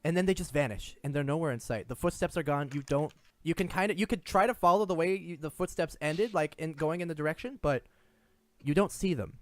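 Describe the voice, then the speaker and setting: A man's voice: on the high side, brisk, dry recording. A man running a tabletop game as game master, describing scenes in a chatty, casually profane way with many restarts.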